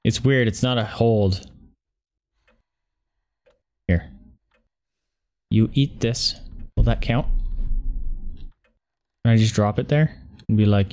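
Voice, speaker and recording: A man's voice: fairly low pitch, slow, long pauses, a little mellow. A young man streaming a horror game, muttering and cursing at his keyboard as he plays. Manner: frustrated, swearing, talking to himself. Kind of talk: casual gameplay commentary.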